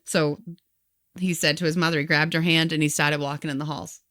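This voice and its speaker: A woman with a notably low voice tells a long story in casual podcast chat. She acts out the people in it by quoting them in their own words, and keeps the account moving. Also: steady tone, a little fast, fairly bright tone, dry recording, studio quality. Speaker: podcast co-host.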